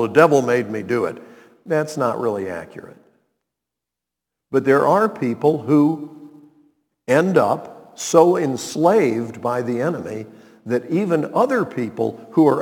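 A man's voice: mid-range voice, a little mellow, long reverb tail. A man preaching a radio sermon as pastor, emphatic and asking the listeners rhetorical questions.

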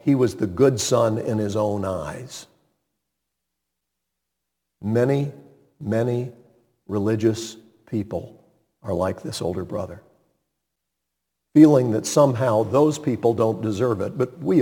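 A man delivers a sermon at an unhurried pace, his voice slightly husky. He tells the story dramatically and builds to emphatic peaks. A long reverb trails each phrase, as in a large hall. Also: lowish voice, mellow. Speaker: pastor.

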